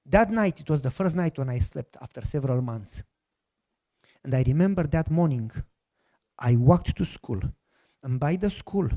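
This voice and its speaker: A man's voice: a little high, mellow. Emphatic preacher man telling his story. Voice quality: non-native broken English grammar. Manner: emphatic storytelling, imitates voices of others in quotes. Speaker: pastor. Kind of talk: sermon testimony.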